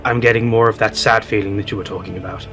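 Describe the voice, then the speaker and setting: Casting: courteous British man at the game table, genteel and unhurried. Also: on the low side, fairly even intonation, music in the background. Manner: polite, genteel, drawn out. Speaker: player. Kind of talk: in-character role-play.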